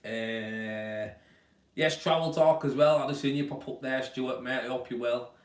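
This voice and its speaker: A man's voice: mid-range voice, fairly even intonation, measured pace. A man hosting a casual live-stream Q&A about plastering, talking in a chatty, blokey way and calling viewers mate, at home indoors. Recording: roomy, distant from the mic.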